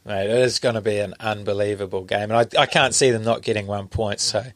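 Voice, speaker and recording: Low-voiced podcast co-host, man in his thirties, dry close mic, relaxed and halting. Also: dry recording. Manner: easygoing, halting with frequent fillers. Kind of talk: casual sports chat.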